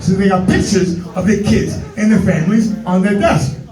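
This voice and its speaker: A high-voiced man from New York works a comedy club stage with a brash, profane stand-up routine. He is picked up from a distance, so the sound is roomy and echoing. Music plays behind him. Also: moderate pace, a little mellow. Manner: brash, profane, street slang, puts on voices.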